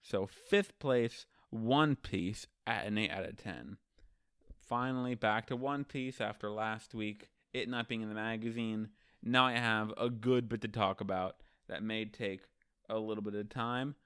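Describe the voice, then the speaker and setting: A man's voice: fairly low pitch, unhurried, fairly bright tone, clean tone, no room sound, studio quality. A man hosting a casual manga ranking show, recapping chapters in a loose, profane, chatty way and acting out the characters' lines.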